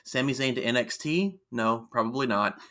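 A man co-hosting a casual podcast, recapping wrestling with quick jokey asides. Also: mid-range voice, lively intonation, a bit bright. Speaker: podcast co-host.

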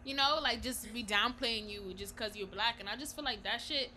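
A young woman with a naturally high-pitched voice co-hosting a podcast in casual chat, animated, with frequent laughs and fillers. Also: moderate pace, crowd noise. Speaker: podcast co-host.

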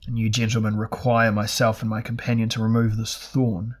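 A man's voice: fairly low pitch, monotone, fairly quick, lightly acted. A man voicing a smiling albino sorcerer lord who speaks politely, with dry irony.

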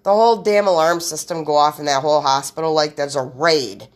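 A rambling woman host talks straight to her listeners on her own podcast, piling run-on sentences on top of each other. Her voice sits a little low, and she swears freely and bluntly. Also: a little fast. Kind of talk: rambling solo podcast monologue.

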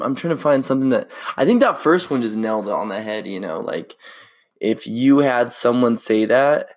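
A young man hosting a casual solo podcast, rambling in a laid-back way with lots of slang and fillers. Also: lowish voice. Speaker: podcast host.

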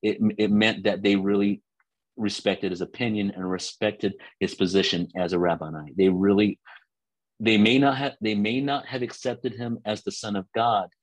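A man with a low-pitched voice preaches a teaching sermon to listeners on a call line. He is earnest, often restarts words, and slows down when he reaches scripture. The recording is dry and the audio is poor.

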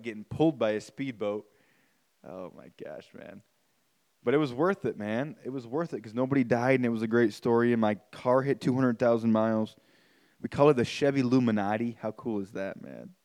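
A man's voice: mid-range voice, a little mellow, smooth. A man, hosting a podcast and telling a story casually and animatedly, swearing and saying "like" and "man" a lot. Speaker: podcast host.

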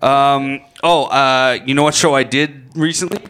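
A comedian chatting casually on a podcast, laughing often and telling loose stories. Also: male voice, medium pitch, fairly even intonation, measured pace, fairly bright tone.

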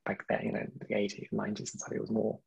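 Gravelly, raspy man chatting fast. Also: on the low side, completely flat delivery, darkish tone, rough recording. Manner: rambling, hedging, laughs often. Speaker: podcast guest. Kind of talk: casual chat.

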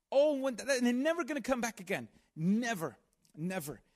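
A man's voice: very high-pitched, expressive, normal speed. A man preaching a sermon in a conversational, earnest way, with asides and restarts. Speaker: pastor.

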